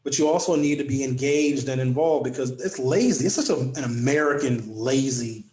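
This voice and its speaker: A man's voice: mid-range voice, normal speed, a little mellow, roomy sound. A man hosting his own political talk show, delivering an impassioned, preachy monologue with sarcastic asides.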